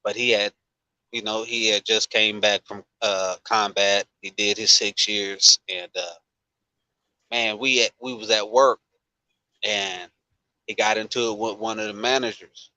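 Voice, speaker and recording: A man from Long Beach tells a story in relaxed, emphatic chat and drives points home with repetition. His tone is bright and forceful. The sound is dry and close, with no room echo. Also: lowish voice, a little slow. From Long Beach, California.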